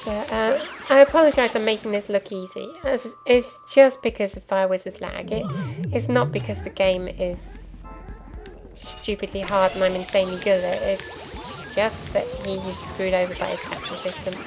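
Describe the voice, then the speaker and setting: A woman's voice: medium pitch, steady tone, normal speed, low-quality recording. Young woman chatting over game music. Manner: chatty, explanatory, many ums and asides. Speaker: let's play commentator. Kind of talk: casual gameplay commentary. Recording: game music playing clearly behind.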